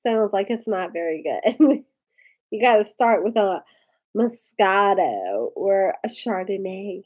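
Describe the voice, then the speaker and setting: Drunk giggly woman, husky and lively. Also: mid-range voice, slow pace, poor audio. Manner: rambling, giggly, reacting to viewer comments. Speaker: live-stream host. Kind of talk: casual live-stream chat.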